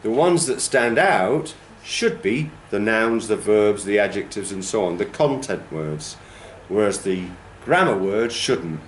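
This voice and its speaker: Lowish and expressive, this man's voice moves a little slowly as he lectures a TESOL training class. He's patient and explanatory, stretching words to exaggerate stress in his demonstrations. Expect a little hiss or hum and a roomy classroom echo.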